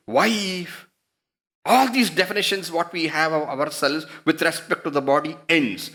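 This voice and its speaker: Male spiritual teacher, emphatic and rhetorical, lively fairly high delivery. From India. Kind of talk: spiritual discourse.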